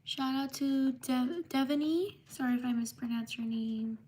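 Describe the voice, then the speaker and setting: A woman hosting a live stream, reading out viewers' names one by one and quickly apologizing for mispronunciations. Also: high-pitched, steady tone, warm tone, slightly rough. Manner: slow, drawn-out name reading with quick apologies. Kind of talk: live stream shout-outs.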